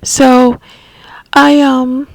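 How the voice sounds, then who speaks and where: A woman telling a personal caregiving story at an unhurried, slow pace, her voice gravelly with heavy fry. She speaks a little high, halting and restarting, in a close, dry recording. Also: level tone, dry recording. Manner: halting, with frequent restarts and soft asides. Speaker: family caregiver sharing memories.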